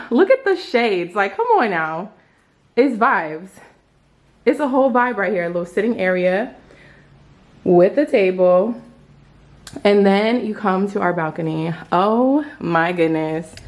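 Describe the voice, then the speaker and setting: A young woman vlogging a hotel room tour in an excited, chatty way, full of playful slang, filmed on a handheld phone. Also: mid-range voice. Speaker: travel vlogger. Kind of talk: casual vlog room tour.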